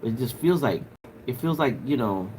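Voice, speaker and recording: A man's voice: mid-range voice, animated, normal speed, darkish tone, slight background noise. A man on a live stream, rambling loosely to his viewers with plenty of filler and swearing. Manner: rambling, talks straight to viewers in chat; loose and profane, lots of filler. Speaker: livestreamer. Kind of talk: casual livestream chat.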